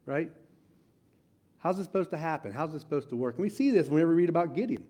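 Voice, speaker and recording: A man preaching a sermon in an earnest way, repeating key phrases, swelling louder and then dropping to a near hush, and reading scripture aloud. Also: on the high side, animated, quick pace. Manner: reads scripture aloud with occasional fillers and restarts.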